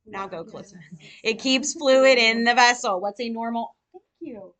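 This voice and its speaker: A woman nursing tutor lecturing a live class, firing rapid questions at her students. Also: fairly high pitch, a bit bright.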